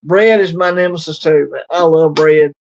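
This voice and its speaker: A middle-aged Louisiana man with a Southern accent co-hosts a livestream, chatting casually in a slightly high voice at a moderate pace. He rambles and drawls, leaning heavily on filler words, and the livestream audio is lo-fi.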